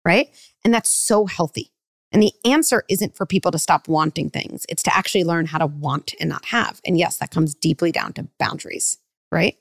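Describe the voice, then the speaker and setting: A middle-aged woman psychologist giving parenting advice in a podcast interview, animated and full of "like", acting out parent and child lines. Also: low-pitched, moderate pace, vocal fry, no room sound, clean studio sound. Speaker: clinical psychologist guest.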